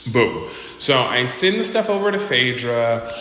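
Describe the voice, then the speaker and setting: A man with a mid-range voice tells a dramatic storytime at a measured pace, casually commenting and acting out the people he quotes in an animated way. The room is echoey and reverberant, with faint noise.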